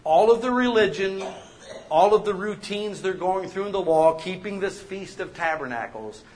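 A man preaches a sermon in a high, lively voice that climbs and drops all over. He jokes with the congregation and slips into little acted voices for the people he quotes. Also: moderate pace. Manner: animated, joking, acts out voices of people he quotes. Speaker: pastor.

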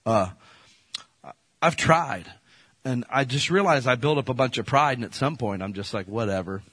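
A middle-aged man preaching a sermon in church, talking in a conversational way that swings from loud to soft. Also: mid-range voice, moderate pace, slightly rough. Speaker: pastor.

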